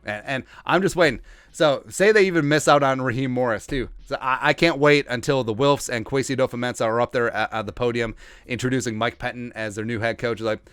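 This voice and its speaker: A man hosting a sports podcast, riffing in a joking, rambling way and putting on quick mock voices for the people he talks about. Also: medium pitch, fairly bright tone, clean tone, no room sound, clean studio sound. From Asian heritage, Minnesota fan. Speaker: podcast host. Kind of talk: comedic sports commentary.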